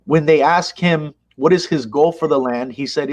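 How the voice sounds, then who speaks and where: Impassioned man, fairly high voice. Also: brisk, few pauses. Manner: impassioned, emphatic, animated retelling. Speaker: interview guest, mosque leader. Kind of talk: conversational interview.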